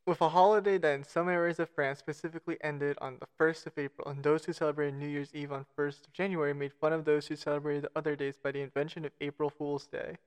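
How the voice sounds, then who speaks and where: A man's voice: on the high side, flat delivery, quick pace, hardly any pauses, smooth. A man co-hosting a casual podcast, reading out facts with self-mocking jokes and stumbling over foreign names. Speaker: podcast co-host.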